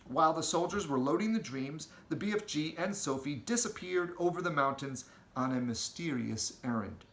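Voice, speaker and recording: A man reading a children's storybook aloud with an expressive, storytelling delivery, in an echoey room. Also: fairly high pitch, moderate pace. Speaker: audiobook reader.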